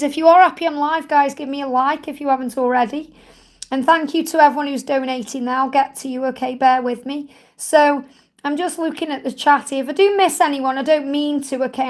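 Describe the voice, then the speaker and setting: A woman hosting a live-stream card reading, gently reassuring viewers as she relays messages. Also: high voice.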